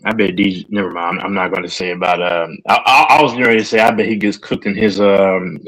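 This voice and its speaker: Teasing low-voiced man host. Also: fairly even intonation, fast, fairly bright tone, poor audio. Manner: teasing, laughing banter. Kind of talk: casual sports chat.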